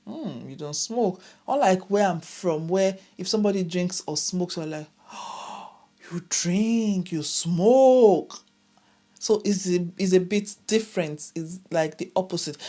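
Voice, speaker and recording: A woman's voice: fairly low pitch, darkish tone. A woman, chatting casually to camera in a vlog and laughing often. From Nigeria. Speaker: vlogger.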